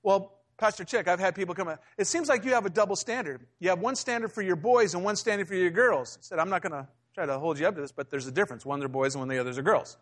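A middle-aged male pastor with a high voice delivers a sermon in a relaxed, storytelling way. He often breaks into the voices of people from his anecdotes. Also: quick pace, few pauses. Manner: conversational storytelling preacher, acting out quotes.

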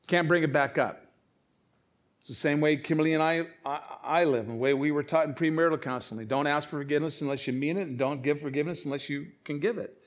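A man's voice: a little high, fast talker. A man preaching a sermon, emphatic, with frequent repeated words and restarts. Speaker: pastor.

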